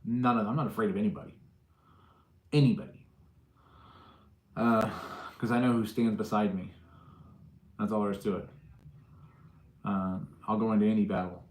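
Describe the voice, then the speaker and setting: A man's voice: fairly low pitch, normal speed, pauses often, echoey room, slight background noise. A man hosting a casual livestream, telling stories and acting out what people said. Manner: animated storyteller, acts out quotes. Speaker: livestream host.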